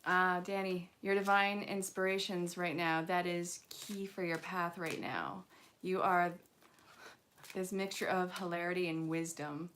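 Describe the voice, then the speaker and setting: A woman's voice: on the low side, steady tone, a little slow, fairly bright tone, a little hiss or hum. A young woman doing a live angel card reading in a casual, chatty way, mixing guidance with playful jokes. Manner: playful, joking asides and frequent laughs.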